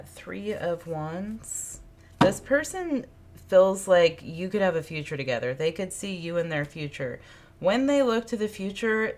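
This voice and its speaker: A woman's voice: on the low side, noisy background. A woman doing an intuitive tarot reading, musing aloud, repeating her phrases and asking spirit questions as she pulls cards. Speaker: tarot reader. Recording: card shuffling clicks in background.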